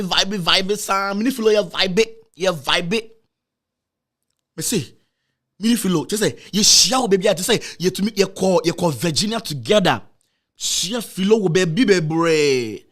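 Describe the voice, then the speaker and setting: A man with a Ghanaian accent telling an emotional personal story, repeating himself and mixing in Twi phrases. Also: a bit bright. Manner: emotional, repetitive, with dramatic pitch swings. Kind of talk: emotional storytelling, switching between Twi and English.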